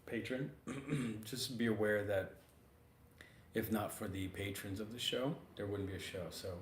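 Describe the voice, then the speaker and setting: A lowish, slightly hoarse man hosts a relaxed chat, rambling and easygoing with plenty of fillers. He sounds like he's in a roomy shop, with a faint hum of ambience behind him. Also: measured pace. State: hoarse, getting over losing his voice. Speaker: podcast host. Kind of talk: casual chat. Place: art supply store, working studio.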